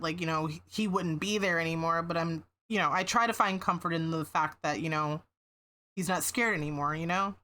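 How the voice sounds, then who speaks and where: A woman streamer talking casually to her live audience in a slightly low voice. She meanders, restarts her sentences and leans on fillers, and she swears now and then. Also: bright, forceful tone. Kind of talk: casual livestream chat.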